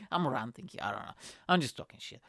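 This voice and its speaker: A man's voice: mid-range voice, normal speed, gravelly, no room sound, studio quality. A man hosting his own comedy podcast, telling a dating story in a casual rant full of swearing. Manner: swears constantly, animated storytelling.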